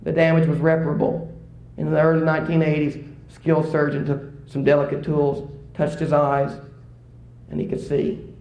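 A preacher delivering a sermon at a church service, his fairly high male voice echoing around the sanctuary. He tells a story and climbs to excited exclamations. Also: normal speed.

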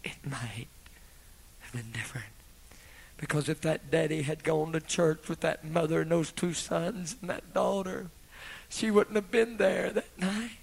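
A man preaching a sermon with dramatic swings between loud, impassioned peaks and hushed whispers. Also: a little high, fairly even intonation, unhurried, gravelly, low-quality recording.

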